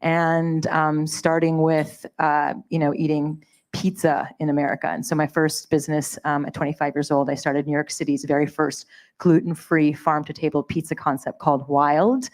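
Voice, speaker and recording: A woman's voice: deep voice, level tone, normal speed. A woman from Canada speaking on a conference panel, bubbly and rambling, laughing often. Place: conference stage.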